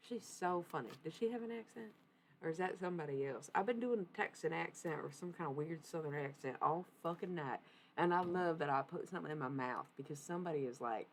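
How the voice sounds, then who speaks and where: A woman doing a casual livestream reading, rambling, excitable and profane. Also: low voice, a little hiss or hum, low-quality recording.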